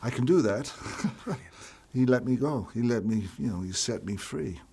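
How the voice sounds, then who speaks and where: A man from Ireland, an actor being interviewed, telling stories in an animated way, restarting and repeating his words. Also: medium pitch, moderate pace, background noise. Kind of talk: casual interview chat.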